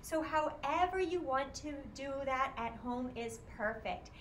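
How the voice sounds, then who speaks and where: A woman's voice: sits high, unhurried, fairly bright tone, a little hiss or hum. A woman with a Midwestern American accent leading an interactive music class for small children, talking in an encouraging sing-song way and singing animal songs. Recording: echoey room, faint ambience.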